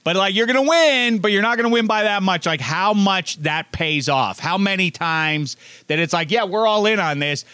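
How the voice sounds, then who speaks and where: A man talking casually with a bright, forceful tone and a crisp, smooth voice. He rambles a bit and hedges as he goes, recorded dry and close. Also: high-pitched, normal speed, no room sound. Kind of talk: casual chat.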